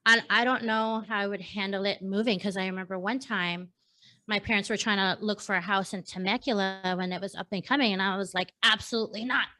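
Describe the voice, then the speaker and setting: Bright chatty woman hosting a panel, tells stories with lots of energy. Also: mid-range voice, a little fast. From San Diego. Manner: chatty, animated storytelling. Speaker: host. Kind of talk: casual panel chat.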